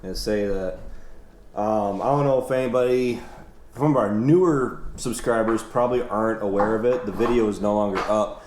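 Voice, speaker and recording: Easygoing young farmer in a roomy house. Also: male voice, fairly low pitch, normal speed, a little mellow. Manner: easygoing, folksy, rambling with restarts. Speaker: farm vlog host. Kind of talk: casual chat. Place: indoors in a family house. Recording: roomy indoor sound with faint noise.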